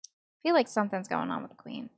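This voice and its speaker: A woman's voice: mid-range voice, wildly swooping pitch, fast talker, creaky, dry recording, clean studio sound. A young woman streamer doing casual, wry let's-play commentary and reading game lines aloud. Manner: casual, wry, mutters to herself. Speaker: gaming streamer.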